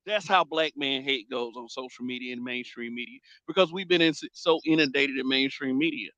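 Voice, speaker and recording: A man's voice: mid-range voice, steady tone, a little fast, sharp tone, no room sound, lo-fi sound. A man hosting a casual podcast, talking bluntly and emphatically, repeating phrases as he builds his points. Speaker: host.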